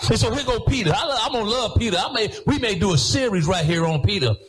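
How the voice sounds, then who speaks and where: A preacher man with a high voice delivers his sermon in church. His lines rise into a singsong chant and break into shouts, riding a steady preaching rhythm. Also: quick pace, rough recording. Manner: rhythmic preaching, swings between sung and shouted phrases. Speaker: pastor.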